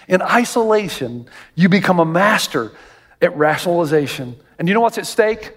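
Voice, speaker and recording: A male pastor delivers a sermon in a high, lively voice, breaking into jokes and climbing sharply in pitch when he quotes people. The sound carries a long reverb, as though he is in a large hall. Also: moderate pace. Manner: animated, jokey, rises high and loud in quoted voices.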